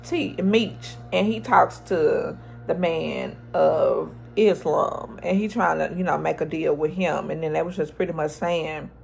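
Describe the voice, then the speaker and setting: Gravelly, slow-talking woman recapping TV. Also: deep voice. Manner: chatty storytelling with slang, acting out the characters' lines. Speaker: TV episode recapper. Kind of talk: casual TV recap.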